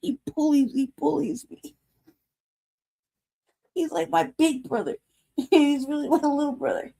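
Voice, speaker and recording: Her voice is high, gravelly and mellow, and she talks a little slowly. She's a forty-something livestream host telling a rambling, profane story with plenty of laughter.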